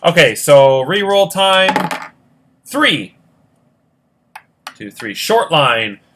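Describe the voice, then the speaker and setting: A man's voice: a little high, sing-song, drawn-out words, noisy background. A man hosting a board game competition, counting squares aloud and checking his sums in casual play-by-play. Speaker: host running a Monopoly-style competition.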